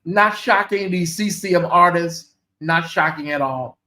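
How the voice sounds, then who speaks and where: A woman hosting her own commentary channel, talking to viewers in an animated, emphatic and sarcastic way. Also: fairly low pitch, a little slow.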